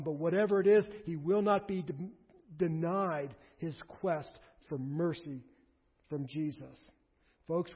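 A man's voice: a little high, breathy edge, big-room sound. A man preaching a sermon who earnestly urges the congregation to respond. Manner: earnest, exhorting the congregation directly. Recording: dull lo-fi recording.

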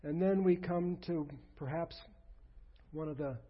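A man preaching a sermon as pastor, earnest, often dropping to a soft low voice. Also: a little slow, lo-fi sound.

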